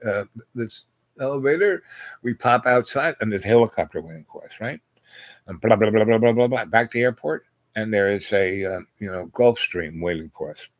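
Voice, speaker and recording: A man's voice: fairly low pitch, no echo. A man telling a rambling personal anecdote in a casual way, acting out the dialogue and tossing in asides. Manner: rambling, acts out dialogue, frequent "you know" and "right?". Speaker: storyteller.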